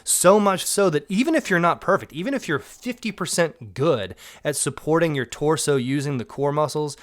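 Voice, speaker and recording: A man's voice: on the high side, animated, normal speed. Southern man coaching straight to camera. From Georgia, US. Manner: direct, coaching, joking asides. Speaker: mountain bike coach. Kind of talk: casual instructional talk to camera.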